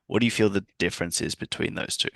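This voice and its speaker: A man's voice: low-pitched, fast talker, gravelly, sharp tone, no echo. A man hosting a podcast, asking questions in a loose, hesitant way with fillers and restarts. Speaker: podcast host. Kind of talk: casual podcast conversation.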